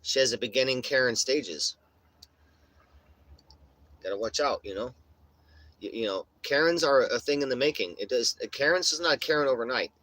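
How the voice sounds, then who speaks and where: A young male livestream host rants casually to his live chat in a mid-range, bright, forceful voice, expressive and at normal speed with frequent pauses. He's profane, blunt and swaggering, swearing constantly and saying "bro" a lot, on a low-quality recording.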